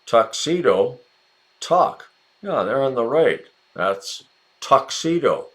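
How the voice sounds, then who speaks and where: An American man narrates a relaxed, chatty English lesson, speaking slowly and carefully while his pitch swings up and down a lot. He encourages his viewers and calls out to them by name.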